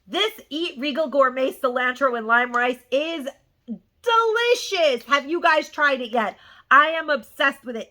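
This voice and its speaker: A woman's voice: a little high, sharp tone. A middle-aged woman vlogger chatting casually through a haul, gushing and rambling with plenty of "like" and "um".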